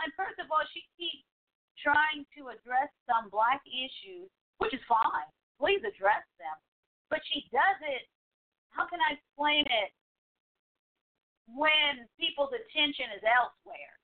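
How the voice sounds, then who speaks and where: A woman hosts a call-in talk show and rants in a sassy, animated way, exclaiming often. Her voice sits high. The sound is thin and tinny, like a phone line. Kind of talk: casual call-in commentary.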